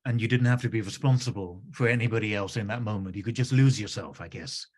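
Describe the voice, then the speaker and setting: A man interviewing a guest, asking gentle questions and halting as he rephrases them. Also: on the low side.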